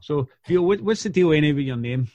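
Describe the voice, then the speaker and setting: A man's voice: fairly high pitch, animated, fast talker, mellow, dry recording. A man hosting a casual chat, blunt and sweary in a friendly, bantering way. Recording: dull, lo-fi dry sound.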